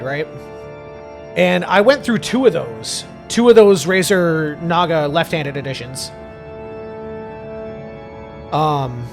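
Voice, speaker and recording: A man's voice: sits high, gravelly. A man giving casual gameplay commentary, ranting and swearing freely. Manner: ranting, profane, animated. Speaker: gaming YouTuber.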